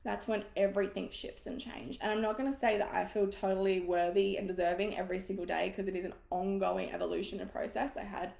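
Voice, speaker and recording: A woman's voice: mid-range voice, little pitch movement, quick pace, creaky, hardly any pauses, darkish tone, reverberant. A woman coaching business owners in a live masterclass, casual, frank and encouraging, swearing now and then.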